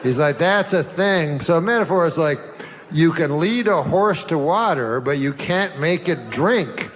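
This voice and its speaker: A man telling jokes in a rambling, deadpan way, full of "you know" asides, in stand-up and talk show anecdotes. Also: a little high, normal speed. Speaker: comedian.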